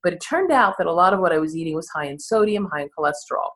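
Guest, woman, 60s, low voice, candid and self-deprecating storyteller. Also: lively intonation, rapid-fire, fairly bright tone. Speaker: therapist and podcast guest. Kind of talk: conversational interview storytelling.

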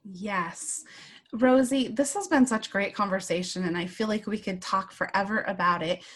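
A woman's voice: mid-range voice, moderate pace. A woman hosting a podcast, effusive and upbeat in casual interview chat, with lots of fillers. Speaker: podcast host.

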